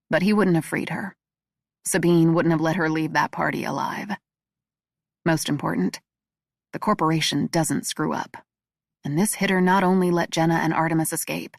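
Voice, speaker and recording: Gravelly-voiced woman narrating an audiobook. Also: on the low side, no echo, clean studio sound.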